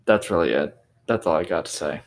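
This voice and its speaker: A man's voice: low-pitched, fairly quick, a little hiss or hum. A young man chatting casually on a podcast, making offhand, crude jokes. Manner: offhand, crude joking banter. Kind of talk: casual chat.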